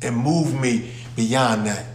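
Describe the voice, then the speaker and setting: A pastor with a mid-range voice preaches slowly to the congregation in a church sanctuary, emphatic and posing questions aloud to the people. There's some echo in the room and a faint hiss or hum on the audio.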